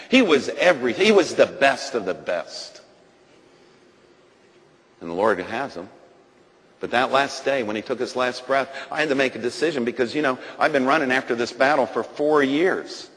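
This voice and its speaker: A man's voice: mid-range voice, lively intonation, normal speed. Impassioned man preaching in a reverberant hall. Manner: swings between loud proclaiming and hushed grief. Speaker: guest speaker giving testimony. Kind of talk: impassioned sermon testimony. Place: large gathering hall.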